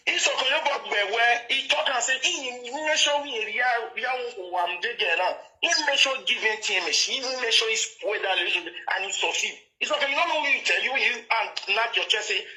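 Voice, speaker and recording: Nigerian Pidgin-accented man, boastful confrontational rant to camera, very bright sharp voice. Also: very high voice, animated, a little fast, hardly any pauses, echoey room, poor audio. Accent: Nigerian Pidgin English. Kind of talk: heated monologue rant to camera.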